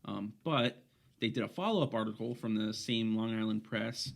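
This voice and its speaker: A man's voice: on the low side, moderate pace, gravelly. A man co-hosting a casual podcast, rambling through his points with many restarts and fillers. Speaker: podcast co-host.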